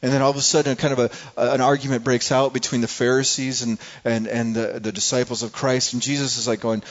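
A man's voice: mid-range voice, level tone, fast talker, few pauses. A male pastor preaching a sermon in an earnest way, often repeating words as he searches for the next one. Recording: dull lo-fi recording.

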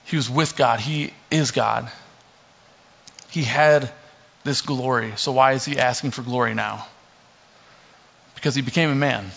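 A young man preaches casually in a mid-range voice with vocal fry, speaking a little slowly and leaving long pauses. He reads from scripture, adds jokes, and uses many fillers; the recording is muffled, dull lo-fi.

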